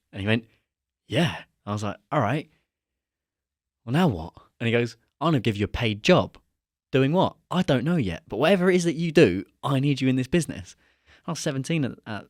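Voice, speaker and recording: A young man with a low voice tells a story in a casual podcast chat. He livens up as he acts out both sides of the conversation. The sound is close and dry, with no room echo. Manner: animated, acts out quoted dialogue. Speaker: podcast guest.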